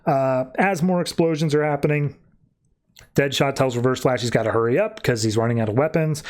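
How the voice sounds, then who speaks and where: Male podcast host, casual comic recap, tosses in quick character voices. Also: mid-range voice. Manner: retells scenes by acting out quick character voices.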